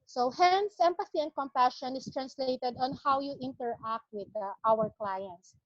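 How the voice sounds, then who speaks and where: A woman's voice: high voice, moderate pace, dry recording. A woman doctor giving a medical lecture in an earnest, explanatory way, carefully defining terms. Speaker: palliative care consultant lecturing. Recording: dull, dry lo-fi audio.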